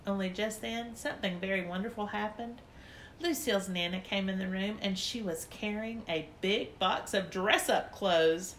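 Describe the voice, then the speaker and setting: Bright-voiced woman narrating as a little girl. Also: mid-range voice, moderate pace, a little hiss or hum. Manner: childlike and chatty. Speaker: audiobook narrator. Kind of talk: first-person children's story narration as a little girl.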